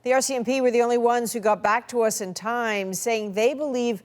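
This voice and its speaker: A woman correspondent asking calm, probing interview questions. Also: on the high side, brisk.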